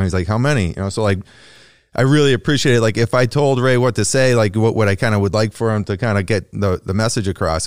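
Male podcast co-host, low and smooth, chatty storyteller. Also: dry recording, studio quality. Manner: chatty, animated storyteller with many likes. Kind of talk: casual storytelling.

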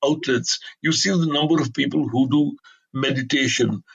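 An older man talks in a relaxed interview, full of digressions and blunt asides. His voice is husky, with a gravelly catch. He is an author telling how his work came about. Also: mid-range voice, moderate pace, rough recording. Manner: emphatic, digressive storyteller with blunt opinions. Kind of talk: conversational interview.

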